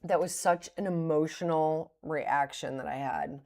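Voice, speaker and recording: Low gravelly-voiced woman trading live. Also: unhurried, a little mellow. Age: middle-aged. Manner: thinking aloud, self-critical, breaks into laughs. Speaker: day trader livestreaming her trades. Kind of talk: live-streamed trading commentary.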